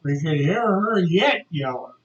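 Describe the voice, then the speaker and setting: An older man telling a childhood story, acting out the people in it with shouted quotes. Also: high-pitched, measured pace. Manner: animated, acts out shouted quotes. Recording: dull lo-fi recording.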